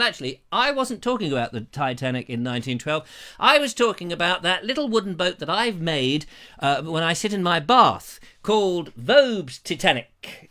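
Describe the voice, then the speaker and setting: A British man with a high, bright voice hosts a live stream, jokey and theatrical. His pitch swoops all over as he trades puns and silly voices with viewers. He is recorded close on a lapel mic. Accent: British English. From England. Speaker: live show host. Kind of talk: comic live-stream chat. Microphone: lavalier.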